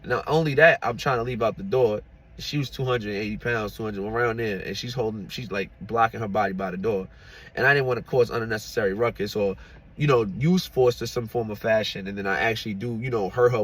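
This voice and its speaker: A man's voice: on the low side, fast, fairly bright tone. A man telling a personal story in a casual storytime, chatty and laughing, often checking in with "you know what I'm saying".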